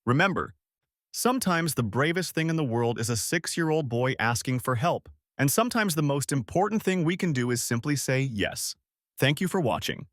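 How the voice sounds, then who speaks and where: Guy reading a feel-good story, lively pitch, dry close sound. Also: moderate pace, no room sound. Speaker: story narrator. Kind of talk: scripted narration.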